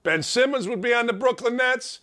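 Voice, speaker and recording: A man's voice: very high-pitched, fairly quick, pushed and bright. A middle-aged man hosting a sports talk show, delivering an emphatic, opinionated monologue full of rhetorical questions.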